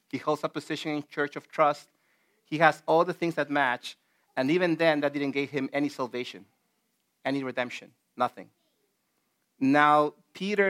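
Speaking in a slightly high voice with a fairly bright tone, this man teaches a relaxed group Bible study. English isn't his first language, and his earnest, emphatic delivery is full of fillers and false starts.

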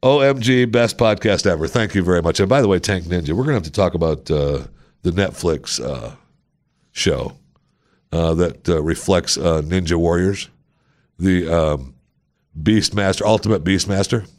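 Male podcast host, lowish voice, casual and self-deprecating, playful asides. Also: moderate pace, a little mellow. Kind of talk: casual solo podcast chat reading listener reviews.

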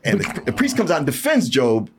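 Lively man retelling movie scenes. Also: a little high, a little fast, noisy background. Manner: retells scenes, acting out lines in put-on voices. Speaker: podcast co-host reviewing a film. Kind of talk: casual chat.

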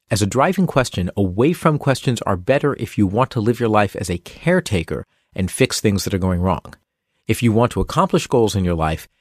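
A man's voice: on the low side, no echo. Wry middle-aged man reading self-help. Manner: wry, dry humor with playful asides. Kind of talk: scripted self-help narration.

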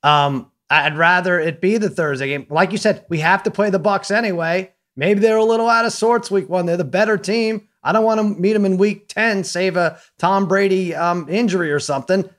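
A man with a notably high voice co-hosts a casual sports chat. He is animated and likes to act out what people said. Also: moderate pace, hardly any pauses. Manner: animated, acts out quotes. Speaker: podcast co-host.

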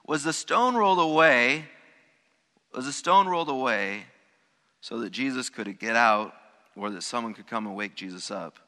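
A man's voice: medium pitch, bright, forceful tone, in a large hall. A man preaching a sermon as pastor, emphatic, stressing key words and repeating phrases for weight. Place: church sanctuary.

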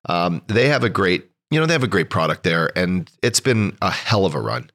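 A man's voice: low voice, big pitch swings, moderate pace, a bit bright. A man from Canada co-hosting a podcast in casual chat, laid-back and agreeable, swearing casually. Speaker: podcast co-host.

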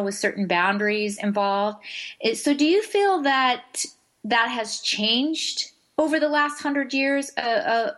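A woman radio talk show host in a middle pitch range. She speaks in a relaxed, conversational way and often restarts her sentences while leading the interview. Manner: chatty, with many fillers and restarts.

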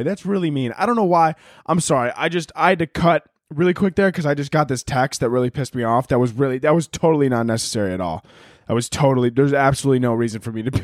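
Crude rambling young man, lively pitch. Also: dry recording, studio quality. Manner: crude, rambling, acts out characters in bits. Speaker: podcast host. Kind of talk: solo comedic rant.

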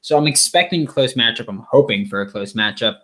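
A man's voice: medium pitch, brisk, a bit bright. A young man hosting a sports podcast, talking casually and rambling with many fillers and restarts. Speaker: podcast host.

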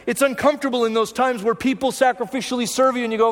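A man with a very high voice preaching a sermon in a church sanctuary. He talks conversationally and keeps putting rhetorical questions to the congregation. A long reverb trails after every phrase. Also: fairly even intonation, fast, hardly any pauses. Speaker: pastor.

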